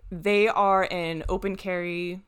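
A young woman chatting on a casual podcast, her voice smooth and clear and sitting a little low. She tells a long anecdote with plenty of swearing. She drops into the voices of the people she quotes as she goes. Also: takes it slowly. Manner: animated storyteller, swears freely, acts out quoted voices.

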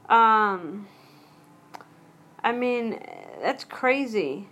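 A chatty woman hosting a solo podcast, her voice a bit higher than most. She rambles from thought to thought and breaks off her own sentences with quick asides. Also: a bit bright. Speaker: podcast host. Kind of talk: casual solo podcast talk.

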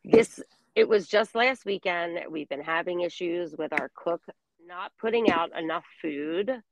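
A middle-aged woman with a slightly low voice tells a long story in easy, filler-filled chat. The sound is dry and close, with no room around it. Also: a little slow, creaky, dry recording, rough recording. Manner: chatty storytelling, many fillers. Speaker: guest. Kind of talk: casual chat.

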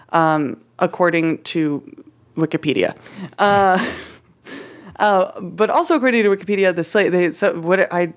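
A woman hosting a podcast, telling a history story in a casual, chatty way with many fillers and restarts. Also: lowish voice.

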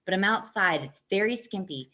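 A woman telling a long, animated, profanity-laced story in casual chat, laughing often. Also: mid-range voice, moderate pace.

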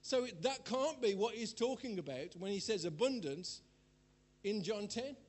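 High-voiced preacher telling stories. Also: male voice, animated, normal speed, darkish tone. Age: older. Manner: chatty, rambling storyteller who laughs at himself. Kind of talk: sermon with personal anecdotes.

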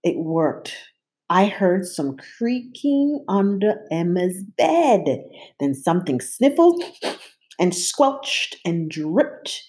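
A woman reading a children's picture book aloud in a playful, animated way. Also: fairly low pitch, slow pace. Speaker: storybook reader.

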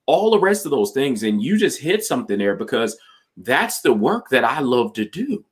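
A man's voice: medium pitch, sing-song, normal speed. A man hosting a podcast conversation, enthusiastic and emphatic with a folksy way of talking.

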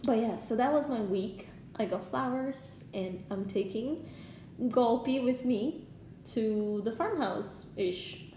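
A young woman telling stories in a casual chat, animated, laughing often and swearing. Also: a little high, slow, reverberant, a little hiss or hum.

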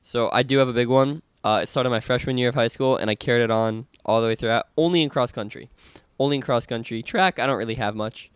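A man's voice: medium pitch, fast talker, clean tone, dry recording. A young man co-hosting a running podcast, telling stories in a laid-back, rambling way. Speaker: podcast co-host. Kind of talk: casual chat.

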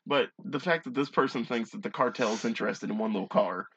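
Gravelly, wisecracking male podcast host. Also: mid-range voice, quick pace, fairly bright tone, no room sound, muffled recording. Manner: sarcastic, wisecracking asides. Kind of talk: reading stories aloud with joking commentary.

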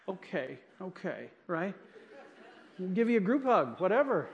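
A middle-aged pastor preaches from a church stage in a high, very animated voice with some vocal fry, speaking a bit slowly. His sermon is full of chatty, self-deprecating stories about his mistakes and frequent asides to the congregation.

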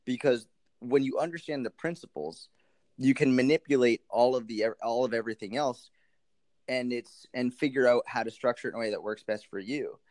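A man speaking as a podcast guest on nutrition, animated and rambling with many restarts. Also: mid-range voice, fairly quick, dry recording. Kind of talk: casual interview chat.

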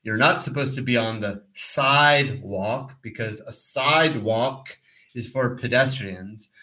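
A man co-hosting a podcast, telling a rambling, animated story in casual talk and acting out the voices in it. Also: medium pitch, rough recording. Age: adult, former pro cyclist. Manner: rambling, animated, acts out quotes. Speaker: podcast co-host.

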